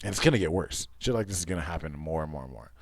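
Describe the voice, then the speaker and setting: A man's voice: a bass voice, lively intonation, rapid-fire, no room sound, clean studio sound. A man hosting a livestream, chatting casually in a rambling, profane way with many restarts. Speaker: livestream host.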